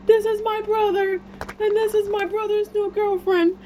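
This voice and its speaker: A woman putting on the voice of an earnest grown man baring his heart, pitched up high and emotional. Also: flat delivery, normal speed, warm tone, a little hiss or hum.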